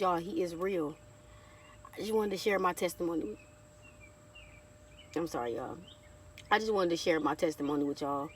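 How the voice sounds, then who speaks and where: A woman's voice: on the low side, recorded from a distance, a little hiss or hum. Heartfelt chatty woman vlogger. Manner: heartfelt, chatty, keeps addressing viewers as y'all. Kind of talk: casual testimony vlog.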